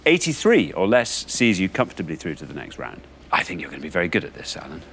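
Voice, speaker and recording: A man's voice: deep voice, very animated, fast, a bit bright, slight background noise. A man hosting a TV quiz show in a studio, genial and jokey as he talks to the contestants.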